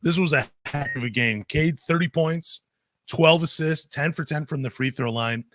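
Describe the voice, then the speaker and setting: A man co-hosting a basketball podcast, talking in an excitable, animated way that swings between loud bursts and quieter asides. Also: on the high side, moderate pace, slight background noise. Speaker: podcast co-host. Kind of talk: casual sports podcast chat.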